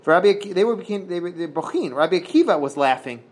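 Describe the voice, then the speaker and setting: In this relaxed Talmud lesson, a man with a high-sitting, expressive voice reads Hebrew and Aramaic aloud and renders it into translation. His delivery is halting, full of fillers and false starts, as he works through the daf.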